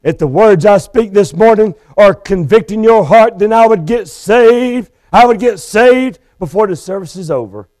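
High-voiced male Baptist preacher; fervent, urgent sermon in a church. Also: normal speed, hardly any pauses, darkish tone. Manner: fervent, urgent, pleading with listeners. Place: church sanctuary.

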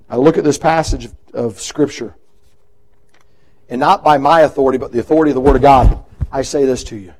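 A man preaching a sermon as pastor, earnest and pleading, swinging from loud passages to hushed invitations. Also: medium pitch, fairly even intonation, fast talker, poor audio. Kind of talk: sermon with altar call.

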